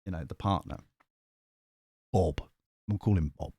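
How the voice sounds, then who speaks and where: A man's voice: low-pitched, unhurried, dark tone, breathy edge, no room sound, clean studio sound. A middle-aged man telling a rambling story on a live stream, full of restarts and casual swearing. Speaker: tarot reader and live streamer.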